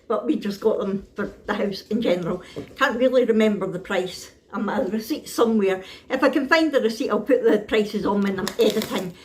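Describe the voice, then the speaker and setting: A woman's voice: a little high, a little mellow, slight background noise. A Scottish woman, middle-aged, chatting casually to camera in a family vlog, rambling with lots of ums and little laughs. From Scotland. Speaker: vlogger.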